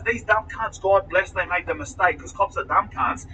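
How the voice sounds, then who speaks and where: A man's voice: sits high, fairly quick, hardly any pauses, pushed and bright, recorded from a distance, slight background noise, poor audio. A man telling a story in casual, profane talk, acting out other people's lines as he goes. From Australia.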